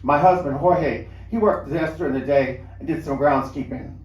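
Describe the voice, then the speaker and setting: A man tells a first-person story aloud at a live lounge show, pitched a little high. He talks in a relaxed, conversational way with small restarts. The room sounds roomy, and the mic sits at a distance. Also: moderate pace, muffled recording. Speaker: reader.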